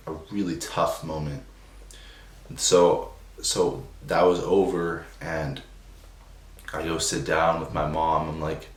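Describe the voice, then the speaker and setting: A young man telling a personal story in a subdued, emotional way, halting with many restarts and fillers. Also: low voice. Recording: roomy echo, distant from the mic, faint noise.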